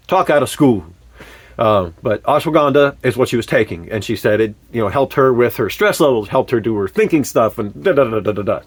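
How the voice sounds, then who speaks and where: A man telling a personal story in a candid, animated way, with frequent fillers and sudden swear words. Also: mid-range voice, no echo. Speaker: vlogger.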